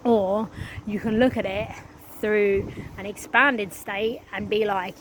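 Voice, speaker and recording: A woman's voice: medium pitch, steady tone, takes it slowly, fairly bright tone, slight background noise, low-quality recording. A woman speaking in a casual spiritual monologue, earnest and drawn out, swearing freely. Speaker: spiritual vlogger.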